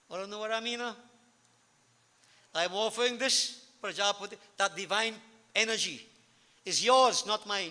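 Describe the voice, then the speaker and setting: Man, devotional sermon, high bright voice, earnest, repeats key phrases, long hall reverb. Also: moderate pace, long pauses. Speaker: spiritual speaker. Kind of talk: devotional discourse with chanted scripture. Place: hall at a religious celebration.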